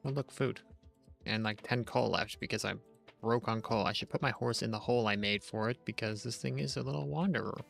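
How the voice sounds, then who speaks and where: A man's voice: lowish voice, a little fast, gravelly, fairly bright tone, soft background music. A young man rambling through casual, jokey gameplay commentary on a live stream, chatting to his viewers from home on a desk mic.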